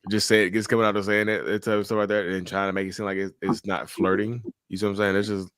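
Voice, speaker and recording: Male podcast host, deep voice, rapid blunt talker, dry recording. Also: flat delivery, fairly bright tone, clear, resonant tone, no echo. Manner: blunt, quick reactions with cursing. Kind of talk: casual podcast chat.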